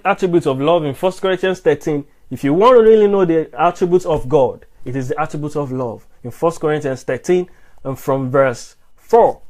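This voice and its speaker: A man's voice: high-pitched, brisk, a little mellow. A man preaching about love and manhood to an online audience, asking emphatic rhetorical questions and often restarting and repeating his words. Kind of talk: live-streamed sermon answering comments.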